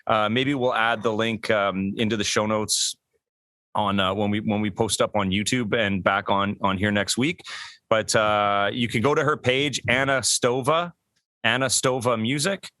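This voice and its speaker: A man's voice: lowish voice, fairly even intonation, moderate pace, pushed and bright, dry recording. A man co-hosting a podcast, upbeat and joking as he promotes music. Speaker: podcast co-host. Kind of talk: casual chat.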